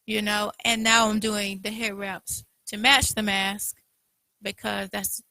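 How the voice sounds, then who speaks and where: A young adult woman with a Southern US accent, co-hosting a casual chat, relaxed and quick to laugh, with many fillers. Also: mid-range voice, creaky, dry recording, poor audio. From Florida. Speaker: co-host.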